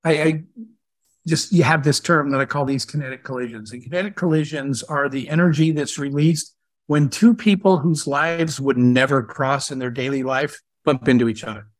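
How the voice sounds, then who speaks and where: A man speaking as a guest entrepreneur in a live question-and-answer talk, telling stories in a lively, conversational way. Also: mid-range voice, moderate pace, dry recording. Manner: animated storyteller who acts out dialogue.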